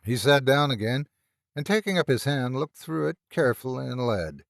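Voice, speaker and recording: Expressive man narrating a horror tale. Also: mid-range voice, moderate pace, vocal fry, no echo, clean studio sound. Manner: expressive, dramatic storytelling.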